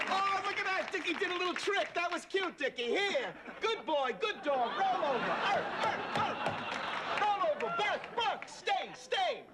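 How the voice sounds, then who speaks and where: An actor playing an insulting late-night talk show host with a mocking, theatrical manner in a sitcom. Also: male voice, sits high, very animated, moderate pace, over a noisy crowd, heavy background noise. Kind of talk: 1980s sitcom acting. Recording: loud studio audience laughter.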